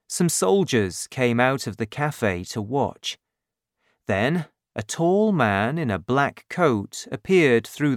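A man narrating an audiobook chapter in a slow, clear and expressive way. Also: mid-range voice, no echo, clean studio sound.

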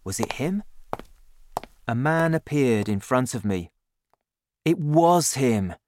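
Audiobook narrator, unhurried, lively intonation, no room echo. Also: medium pitch. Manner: slow, clear, deliberate reading.

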